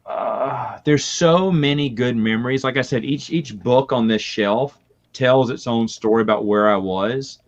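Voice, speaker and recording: A man's voice: medium pitch, unhurried. Man telling stories with laughs, muffled audio. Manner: lively storytelling with frequent laughs. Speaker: podcast guest. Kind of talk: casual chat.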